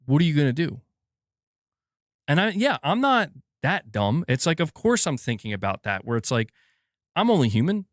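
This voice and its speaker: A man's voice: on the high side, sing-song, moderate pace, pauses often, dry recording, studio quality. A young man hosting a gaming channel, ranting with exasperation, swearing often and restarting his sentences. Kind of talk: heated solo rant.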